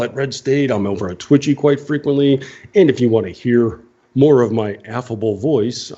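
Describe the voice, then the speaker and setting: A man's voice: medium pitch, mellow. A man co-hosting an online radio show, joking sarcastically about politics in casual banter. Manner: sarcastic, mocking. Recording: dull lo-fi online radio audio.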